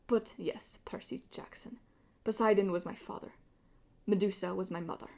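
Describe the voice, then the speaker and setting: A woman's voice: medium pitch, fairly even intonation, normal speed, creaky, warm tone, lightly acted. Chrysaor, a sneering pirate villain, as a woman puts him on. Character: arrogant bitter male pirate villain, Medusa's son.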